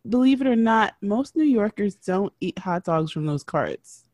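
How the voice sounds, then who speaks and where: A woman's voice: medium pitch, lively intonation, a little slow, a little mellow, no echo. A woman co-hosting a casual recap podcast, making wry joking asides. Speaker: podcast co-host. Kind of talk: casual reality TV recap chat.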